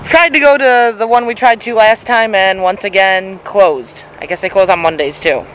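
A man's voice: sits high, normal speed, a bit bright, a little hiss or hum, poor audio. A man hosting a casual vlog outdoors on a nature trail, easygoing and chuckling often between fillers. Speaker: vlogger.

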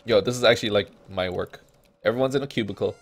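A gaming channel host does let's play commentary on a farming game, talking fast in a lowish voice. He comments casually as he plays, joking and laughing often.

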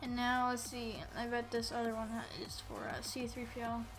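Excitable high-voiced woman playing a game. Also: brisk, music in the background. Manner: excitable, yelling at enemies, playful. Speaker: gameplay commentator. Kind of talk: casual let's-play commentary.

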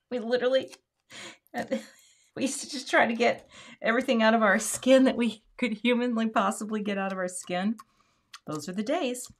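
A woman hosting a card-making livestream in casual chat, thinking aloud and dropping to murmurs while she works. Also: on the high side.

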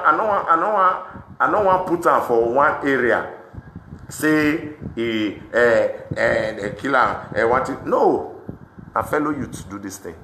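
A young Nigerian man speaking Pidgin English, impassioned and emotional as he talks straight to the camera in a protest vlog. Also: mid-range voice. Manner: impassioned, swings to shouting. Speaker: street commentator. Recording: echoey room with faint background noise.

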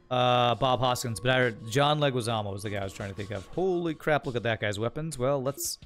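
While streaming a strategy game, a man with a mid-range, fairly bright voice offers casual gameplay commentary. He thinks aloud, reads chat and responds in a loose, rambling manner.

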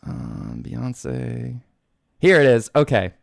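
A man's voice: mid-range voice, huge pitch swings, very slow, vocal fry, no echo, clean studio sound. A man streaming a video game live, rambling casually, swearing often and laughing easily.

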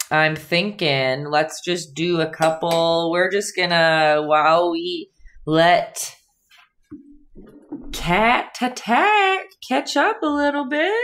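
A woman's voice: deep voice, fairly bright tone, slight background noise. A young woman hosting a live painting lesson, chatting casually with viewers in the chat as she works. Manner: chatty, talks to chat viewers while teaching. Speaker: painting instructor and livestream host.

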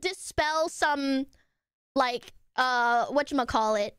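A young woman streamer chatting casually with her viewers, bubbly and quick to squeal and laugh. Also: sits high, fairly bright tone, clear, resonant tone, no echo, clean studio sound.

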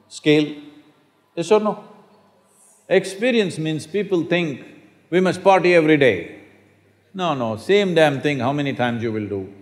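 A man's voice: a little high, darkish tone. A man speaking as a spiritual teacher to a live audience in a large hall, emphatic and often asking the audience questions. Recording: echoey hall.

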